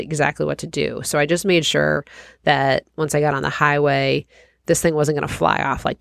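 A woman hosts her own podcast and tells a personal story in a loose, self-deprecating way, often breaking into laughter. Her voice has a gravelly, fry-touched edge. The recording is dry and close, with no room sound. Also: low voice, fairly bright tone, no echo. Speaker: podcast host.

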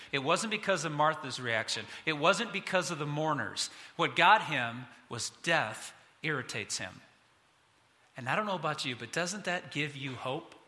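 A man's voice: on the high side, sharp tone. A man in his fifties, a pastor preaching a sermon in a conversational, self-deprecating way. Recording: long hall reverb.

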